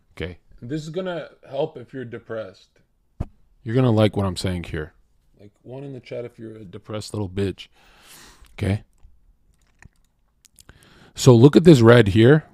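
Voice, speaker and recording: Loud brash guy ranting to his stream chat, cussing a lot, dry close sound. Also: sits low, no room sound. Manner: brash, profane and heated, lecturing. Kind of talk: livestream rant to chat.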